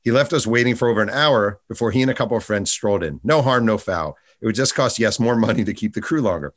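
Brief: male interview host, quick delivery, slightly low voice, casual chatty questions. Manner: quick, lively questions and reads aloud from a book. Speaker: podcast host.

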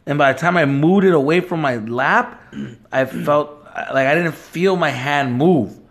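A man's voice: fairly high pitch, a little slow. A young man co-hosting a casual podcast, telling a story animatedly with heavy swearing. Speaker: podcast co-host.

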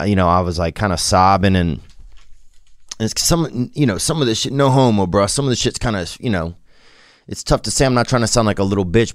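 A man speaking in a candid, rambling personal monologue, halting and vulnerable, with casual profane slang. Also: fairly low pitch, dry recording, clean studio sound.

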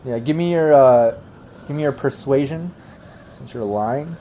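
Casual male game master, mid-pitched, relaxed and chatty, faint background hiss. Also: measured pace. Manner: casual, many fillers, breaks into gruff shouting voices for NPCs. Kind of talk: narrating a tabletop game.

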